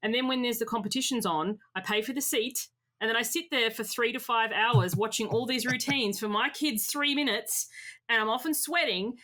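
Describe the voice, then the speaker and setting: Podcast guest lady, 30s or 40s, candid and animated, slightly higher voice. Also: moderate pace. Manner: lively, frank, expressive. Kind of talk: candid personal storytelling.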